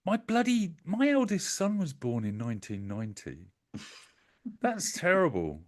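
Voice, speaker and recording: A man's voice: a little high, big pitch swings, unhurried. An older man with grandchildren, joining a casual livestream chat with dry, teasing remarks. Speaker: cartoonist guest.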